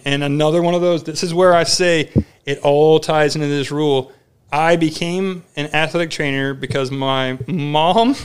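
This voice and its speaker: A man from Florida, an athletic trainer guest, telling stories casually on a podcast, energetic and often repeating words as he talks. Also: fairly high pitch, clean tone.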